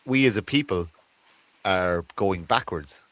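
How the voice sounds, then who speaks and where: An Irish man with a very low voice speaks as a podcast guest. He muses aloud, stumbling over and repeating words as he works through his thoughts. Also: measured pace, fairly bright tone. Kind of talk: conversational interview.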